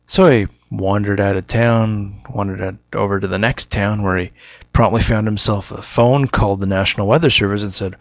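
A man's voice: lowish voice, steady tone, normal speed, no echo, dull audio. A man telling a joke and musing in a casual, rambling monologue, often correcting himself.

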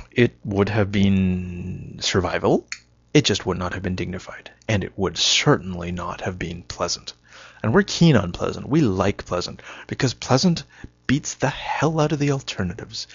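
A man's voice: low-pitched, animated, measured pace, slightly rough, dry recording. A man giving a rambling, self-mocking solo monologue, wry and punchy, on a dull lo-fi recording.

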